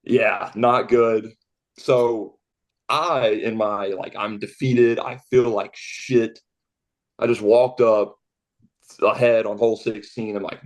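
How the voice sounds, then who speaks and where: A young man with a fairly low voice tells golf stories on a casual podcast. He acts out both sides of the dialogue and laughs often. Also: normal speed. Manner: animated storyteller acting out dialogue, laughing often. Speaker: golf caddy guest.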